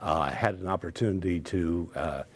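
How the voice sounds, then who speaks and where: Older man, low voice, husky, deliberate careful speech, anecdotal TV guest. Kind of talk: storytelling in a TV interview.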